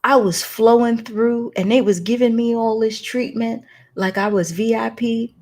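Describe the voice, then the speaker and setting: A woman's voice: fairly high pitch, fairly even intonation, measured pace, a little mellow. A woman hosting a talk, telling a personal story with emotion and preacher-like emphasis. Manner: emotional, preacherly storytelling addressing listeners as y'all. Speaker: host.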